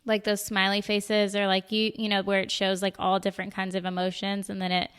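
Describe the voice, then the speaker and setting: A woman's voice: medium pitch, monotone, fairly bright tone, clear, resonant tone, long reverb tail. A woman hosting a podcast interview who chats casually, adds frequent backchannels, laughs easily and uses a lot of fillers. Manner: chatty, many backchannels, quick laughs, filler-heavy. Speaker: podcast host.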